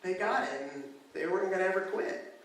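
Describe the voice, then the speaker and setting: A man with a fairly high voice preaches in a church, going from calm storytelling to loud, impassioned calls. The sound is very echoey, as if picked up from well back in the hall, with faint background noise. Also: brisk, far from the mic. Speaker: guest preacher. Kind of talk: sermon with storytelling. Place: church sanctuary.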